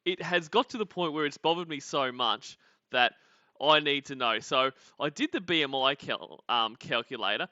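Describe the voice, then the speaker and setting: A man's voice: medium pitch, normal speed, sharp tone, no echo, lo-fi sound. An Australian man hosting a casual livestream, rambling, laughing often and greeting viewers. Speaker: podcast host.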